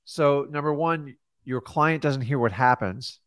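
Male coach giving casual advice, animated storyteller, dry recording. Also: medium pitch, a little slow, no echo. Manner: animated storyteller acting out quotes. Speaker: real estate coach.

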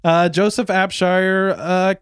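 A man co-hosting a comedy podcast, telling a story in a relaxed, chatty way. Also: high-pitched, slow, clear, resonant tone, no room sound, studio quality. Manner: relaxed storyteller with fillers and laughs. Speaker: podcast co-host. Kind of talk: casual chat, storytelling.

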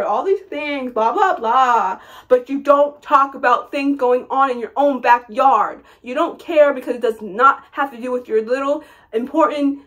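A young woman vlogger rants to the camera in a high, slightly bright voice. Impassioned and hurt, she repeats her phrases and trails off into sad fillers during this emotional personal rant.

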